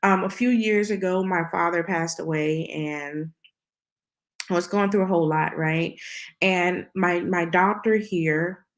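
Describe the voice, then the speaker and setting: A woman's voice: lowish voice, a little slow. A middle-aged woman from the southern United States, hosting and sharing a personal testimony in an earnest storytelling way, acting out the dialogue she quotes. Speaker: host.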